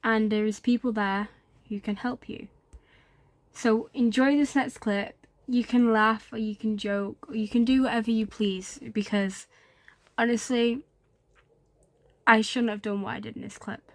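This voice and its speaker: Young woman, high voice, slow gentle delivery, casual vlog chat. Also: steady tone, no room sound. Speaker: vlogger. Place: abandoned underground shelter. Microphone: handheld camera.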